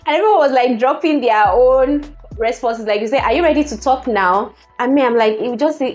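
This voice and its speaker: A woman's voice: high-pitched, moderate pace, soft background music. A woman in her thirties with a Nigerian accent, chatting casually and laughing as she reads out tweets. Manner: laughs often, lively and chatty. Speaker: vlogger. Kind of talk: casual commentary reading tweets.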